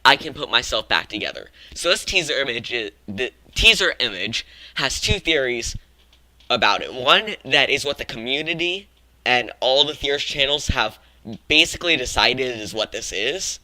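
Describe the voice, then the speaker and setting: Bright-voiced guy rambling through game theories. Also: mid-range voice, expressive, normal speed, no room sound, low-quality recording. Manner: rambling, frequent self-corrections and restarts. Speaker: gaming channel host. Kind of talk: casual video-game theory vlog.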